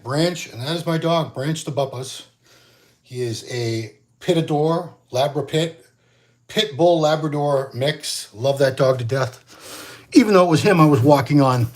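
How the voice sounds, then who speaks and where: In his 50s, this bodybuilding magazine host rambles casually through a solo vlog, full of fillers and restarts. His voice sits in the mid-range and moves a little slowly.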